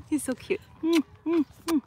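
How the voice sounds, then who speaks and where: A young woman, a parrot trainer, chatting casually on a phone live stream outdoors, cooing at her bird and exclaiming excitedly. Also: sits high, slight background noise. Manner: animated, cooing baby talk to her bird; frequent laughter, excited exclamations. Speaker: parrot trainer, channel host. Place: outdoors in open country.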